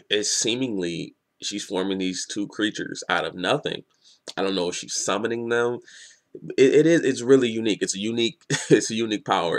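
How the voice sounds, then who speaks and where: A young man casually reviewing a comic chapter, rambling and excitable, swearing and laughing often. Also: low-pitched. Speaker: manga reviewer.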